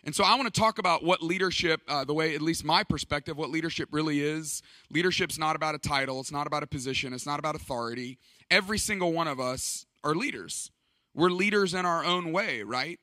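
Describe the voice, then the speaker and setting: A man's voice: fairly high pitch, quick pace, sharp tone, no echo. A middle-aged man speaking at a church leadership conference, telling stories in an emphatic, conversational way. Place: church stage.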